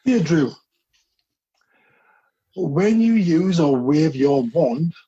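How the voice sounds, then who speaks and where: A man with a high, husky voice and a quick, mocking way of talking. He swears freely among friends. The sound is dull and lo-fi. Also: expressive, warm tone. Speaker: podcast co-host asking quiz questions. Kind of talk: casual banter.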